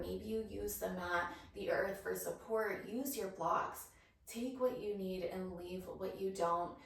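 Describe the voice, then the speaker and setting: A woman teaching a yoga class, cueing each breath and pose and sounding a little out of breath. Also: mid-range voice. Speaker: yoga instructor. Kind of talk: guided yoga class cues. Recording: roomy echo, voice from a distance.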